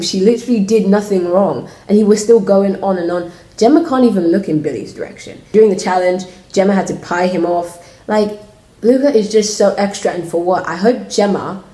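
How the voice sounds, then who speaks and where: A woman's voice: lowish voice, mellow. A woman giving an opinionated, casual vlog review, full of "like" fillers. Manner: opinionated ranting with many "like" fillers. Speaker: reality show reviewer. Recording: roomy echo.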